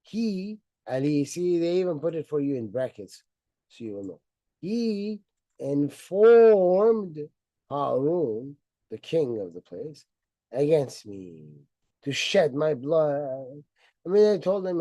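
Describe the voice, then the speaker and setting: A man's voice: fairly high pitch, sing-song, slow, warm tone, no room sound. A man giving a sarcastic, mocking commentary on religious history, retelling it theatrically and acting out the people in it. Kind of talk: mocking lecture-style commentary.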